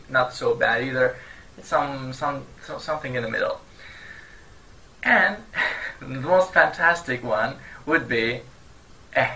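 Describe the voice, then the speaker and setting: A man whose first language is Turkish, teaching an online language lesson in a cheerful way, often laughing and repeating phrases slowly for learners. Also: mid-range voice, bright, forceful tone, poor audio.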